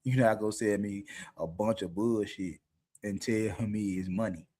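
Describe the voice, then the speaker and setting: A man's voice: on the low side, normal speed, dark tone. A middle-aged man talking candidly as a podcast co-host, blunt and profane, often laughing mid-sentence. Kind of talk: candid unscripted talk.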